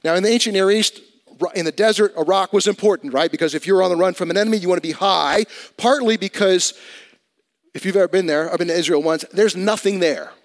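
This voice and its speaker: A pastor preaching a sermon in a conversational way, swinging between loud emphatic bursts and quiet asides. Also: male voice, fast talker. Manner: conversational preaching with dramatic swings in volume and pitch.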